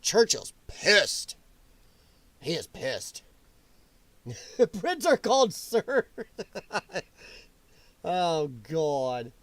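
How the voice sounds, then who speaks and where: Brief: male show host, high voice that swings wildly, sarcastic and worked up, dry close sound. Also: sing-song, drawn-out words, long pauses, fairly bright tone, no room sound. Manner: heated, sarcastic, mocking. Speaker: political commentary host. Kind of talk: livestream rant.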